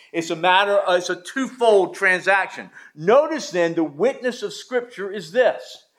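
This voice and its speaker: A man preaching a sermon to his congregation, emphatic and repetitive, with folksy asides. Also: high voice. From American South. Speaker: pastor.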